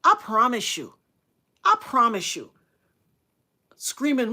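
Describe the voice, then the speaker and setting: Over a noisy background, a middle-aged woman tells a story on a livestream, speaking slowly with long pauses and big swings in pitch. She is earnest and dramatic, repeating phrases for emphasis and breaking into loud, high bursts to act out others' words.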